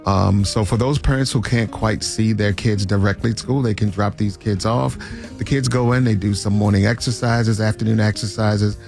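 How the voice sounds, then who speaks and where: Gravelly-voiced earnest male radio guest. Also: fairly low pitch, fairly even intonation, normal speed, a little mellow, faint music behind. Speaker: charity campaign guest. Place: radio studio.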